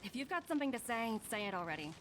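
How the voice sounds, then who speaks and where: Blunt young manager in a game, curt, voice jumps around a lot. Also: female voice, a little high, big pitch swings, rapid-fire, fairly bright tone, slight background noise. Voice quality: curt, impatient.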